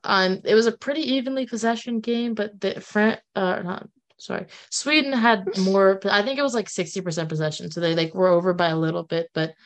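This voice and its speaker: Woman, chatty soccer podcast host, lots of fillers, mid-pitched voice. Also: steady tone, brisk. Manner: chatty, laughing, many fillers and restarts. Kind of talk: casual sports chat.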